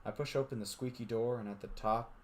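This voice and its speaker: A man's voice: mid-range voice, fairly even intonation, a little fast, slight background noise. A man streaming with friends, reading visual novel narration aloud and chatting and laughing between passages. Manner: reads steadily, then laughs and banters. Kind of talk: narration read aloud, casual chat with friends.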